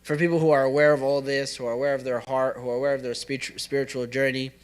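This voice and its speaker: A man's voice: mid-range voice, level tone, fast talker. Man leading a casual study circle. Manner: conversational, asks the audience questions, jokes and laughs. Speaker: religious teacher. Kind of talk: interactive study circle talk. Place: community center classroom.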